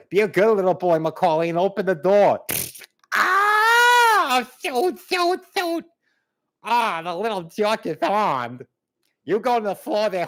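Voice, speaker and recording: A bumbling burglar in a Santa suit, as a man puts him on, coaxing a child in a high, strained voice that runs to panicky yelps. He barks confused orders at his partner. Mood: wheedling. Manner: wheedling then panicky, shouting orders. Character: bumbling, frantic male burglar dressed as Santa.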